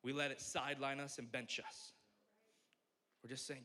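A man's voice: medium pitch, moderate pace, pauses often. A young adult man giving a casual, conversational sermon as a pastor, joking at his own expense. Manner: conversational, self-deprecating, animated.

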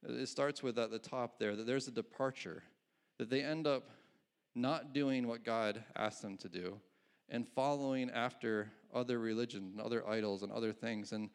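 A man's voice: medium pitch, fairly even intonation, normal speed, clean tone. A male pastor giving a conversational sermon, often restarting his phrases and chuckling at his own asides.

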